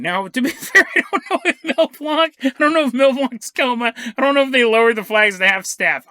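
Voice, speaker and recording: A man hosts a podcast, telling a story with lots of jokes, laughs and tangents. His voice is bright and forward. The sound is close and dry. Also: high voice, no room sound. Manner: jokey, laughs often, digresses. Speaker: podcast host. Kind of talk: comedic storytelling monologue.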